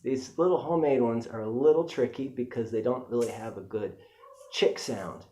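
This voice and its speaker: Man, casual instructor, mellow voice, relaxed and conversational. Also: mid-range voice, normal speed. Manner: relaxed, chatty, with fillers. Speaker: music teacher.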